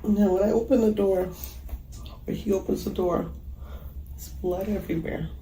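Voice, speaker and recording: A woman giving emotional interview testimony as a mother, halting and hesitant with many pauses. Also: mid-range voice, fairly even intonation, warm tone. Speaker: mother recounting a killing. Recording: echoey room with faint background noise.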